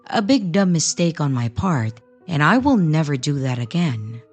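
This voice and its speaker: Low-voiced woman narrating creepy stories. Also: big pitch swings, moderate pace, a little mellow, slightly rough, faint music behind. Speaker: storytelling channel narrator.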